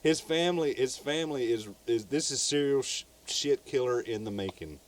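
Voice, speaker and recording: A man's voice: medium pitch, lively intonation, normal speed, a little hiss or hum. A man with a Southern US accent, co-hosting a podcast and casually telling a true crime story. He rambles, repeats words and swears freely.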